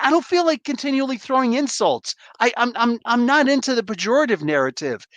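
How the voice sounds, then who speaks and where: A man's voice: extremely high pitch, animated, a little fast, few pauses, a bit bright, dry recording. A man hosting a live comic book review, ranting in an exasperated, blunt way, swearing casually and calling out viewers in chat. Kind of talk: heated live review rant.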